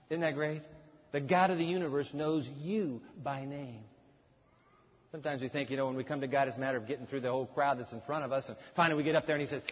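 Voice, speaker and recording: A man preaching a sermon in a large church, dramatic, with loud emphasis and hushed drops. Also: medium pitch, fast talker. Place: large church auditorium with a screen. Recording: dull, echoey hall recording.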